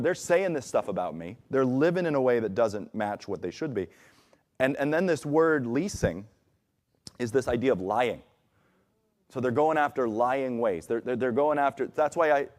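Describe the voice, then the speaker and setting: A man's voice: mid-range voice, darkish tone. A man preaching a conversational sermon in a church, acting out the voices he quotes. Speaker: pastor. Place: church sanctuary.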